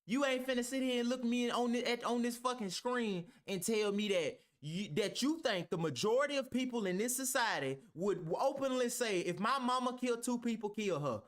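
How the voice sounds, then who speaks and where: A man's voice: extremely high pitch, normal speed, hardly any pauses. A man reacting to a clip, heated and argumentative, talking with heavy profanity. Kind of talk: ranting reaction commentary.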